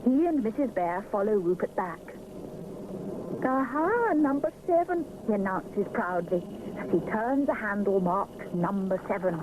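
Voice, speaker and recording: A woman narrating a children's storybook show in a gentle, expressive way. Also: mid-range voice, normal speed, hardly any pauses, narrow, tinny audio. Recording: hissy 1970s TV soundtrack.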